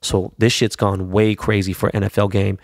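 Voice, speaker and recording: Profane, hyped man with a gravelly voice. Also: on the low side, level tone, fairly quick, no echo, studio quality. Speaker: podcast host. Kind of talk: casual monologue.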